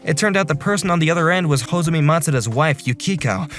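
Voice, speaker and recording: A young man voicing an earnest office section chief who narrates and talks in a calm, apologetic way in an animated drama. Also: fairly high pitch, fast, faint music behind. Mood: narrating.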